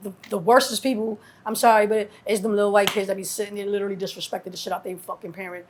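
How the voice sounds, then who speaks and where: A middle-aged woman from New York, a guest telling stories in a casual interview, acting out quotes with lively swearing. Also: medium pitch, racing, a little hiss or hum. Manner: animated storyteller acting out quotes, heavy cursing. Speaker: guest, mother of a rapper.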